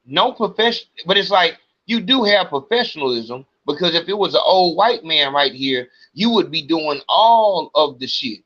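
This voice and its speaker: Man, podcast host, heated profane rant, forceful tense tone, muffled lo-fi sound. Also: on the high side, expressive, moderate pace, few pauses. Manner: agitated, profane venting. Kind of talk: ranting monologue.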